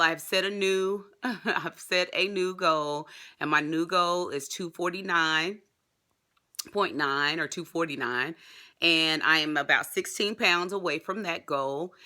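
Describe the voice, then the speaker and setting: A woman with a drawl chats excitedly to her viewers in a casual vlog. Her voice is very bright and forward, and she keeps calling them y'all. The delivery stays loose and talkative, with fillers along the way. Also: on the low side. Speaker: vlogger.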